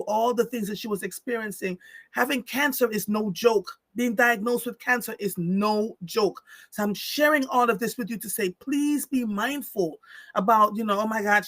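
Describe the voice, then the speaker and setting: High gravelly-voiced man hosting live. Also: fairly bright tone, no room sound. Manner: earnest, emphatic, repeats phrases for stress. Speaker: live show host. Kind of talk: live-stream talk, reading viewer chat aloud.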